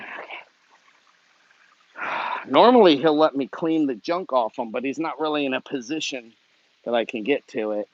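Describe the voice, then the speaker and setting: A young man, a zookeeper and gator wrestler, chatting casually on a live stream, talking warmly to his animals and to viewers. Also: medium pitch, expressive, normal speed, long pauses, dry recording, highs cut off.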